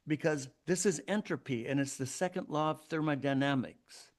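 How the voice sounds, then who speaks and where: A man's voice: a little high, normal speed. A man hosting a solo podcast, arguing his points in an emphatic, preachy way. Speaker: podcast host.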